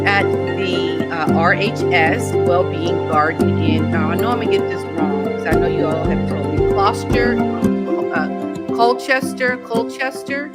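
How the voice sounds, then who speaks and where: A middle-aged woman hosting a casual livestream chat from home, relaxed and chatty with playful asides. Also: on the low side. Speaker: host.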